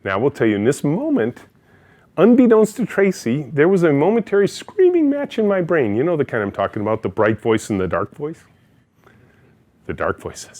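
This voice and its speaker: A man's voice: fairly high pitch, normal speed. A middle-aged man, a company CEO, giving a storytelling keynote talk and acting out the people in his anecdotes. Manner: energetic, animated storyteller who acts out quotes.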